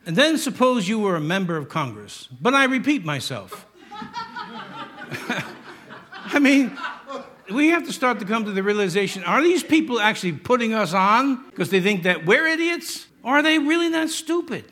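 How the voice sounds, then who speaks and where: Middle-aged pastor, New York accent, ringing tone, chatty sermon full of wisecracks. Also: male voice, high voice, big pitch swings, moderate pace, sharp tone, a little hiss or hum. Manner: joking, conversational preaching with asides.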